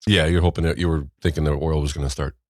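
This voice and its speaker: A man's voice: rumbling low, steady tone, fast talker, darkish tone, no echo, studio quality. A man hosting a casual news podcast, rambling and wry, often trailing off mid-sentence. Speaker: podcast host.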